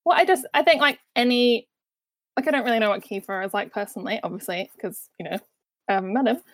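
A woman's voice: a little high, fast talker, a bit bright, no echo. A woman co-hosting a movie podcast, chatty and giggly, with lots of fillers. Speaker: podcast co-host. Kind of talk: casual movie discussion.

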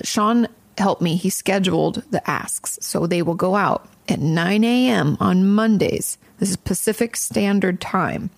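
A woman's voice: mid-range voice, creaky, a little mellow, dry recording. A woman therapist hosting an advice podcast, talking in a chatty, frank way and swearing casually.

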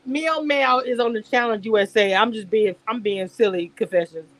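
A woman's voice: fairly high pitch, normal speed, fairly bright tone. A woman hosting a casual live stream, reading chat aloud and reacting with lots of laughter and rambling asides. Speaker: YouTube live host reacting to a reality show cast.

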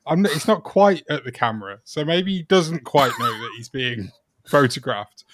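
A man's voice: fairly high pitch, lively intonation, normal speed. Laughing man hosting chat. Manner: laughs often, chatty and playful. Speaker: host. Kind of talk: casual football podcast chat.

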